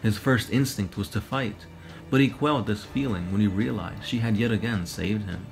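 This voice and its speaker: A man narrating a science-fantasy war story with steady drama. His voice sits low with a gravelly edge, and faint music plays beneath. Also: moderate pace, rough recording.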